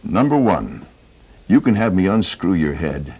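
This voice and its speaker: A crude male grizzly bear that threatens slowly and calmly, as a man puts it on in a spoken joke. The voice sits very deep and rolls up and down with lively swings. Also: breathy edge, exaggerated voice, rough recording. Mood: menacing.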